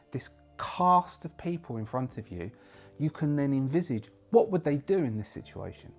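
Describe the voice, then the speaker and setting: A man hosting a solo roleplaying channel, talking casually and rambling, often correcting himself mid-sentence. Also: a little high. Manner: rambling, self-correcting, lively. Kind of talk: casual talk to camera.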